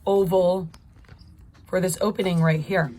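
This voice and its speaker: Warm and steady, a woman's fairly low voice guides viewers through a live drawing lesson at a slightly slow pace. As an art teacher, she talks while she draws and cheers her audience on step by step.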